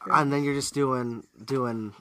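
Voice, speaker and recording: A man with a stuffy nose co-hosts a casual podcast, teasing and sarcastic, cursing freely. His voice is bright and forceful, and the recording is dry and close. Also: medium pitch, fairly even intonation, takes it slowly, dry recording. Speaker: podcast co-host. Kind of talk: casual chat.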